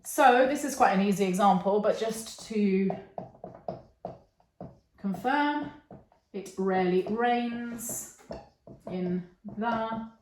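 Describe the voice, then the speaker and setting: Recorded in an echoey room with slight background noise, a woman of medium pitch teaches English online. She explains patiently, pausing to check on her learners with an "okay" or a "yeah."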